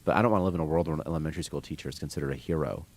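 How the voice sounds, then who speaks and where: A man's voice: very deep voice, racing, darkish tone. A man streaming game development, rambling casually with strong opinions and reading chat comments aloud. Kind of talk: casual rant on a live stream.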